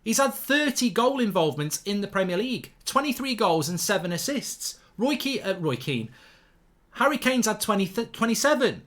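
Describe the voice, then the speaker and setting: An indignant man from England rants about football as a pundit, his pitch swinging widely as he stumbles and restarts. He repeats his outrage over and over. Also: lively intonation, normal speed, fairly bright tone. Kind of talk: ranting reaction monologue.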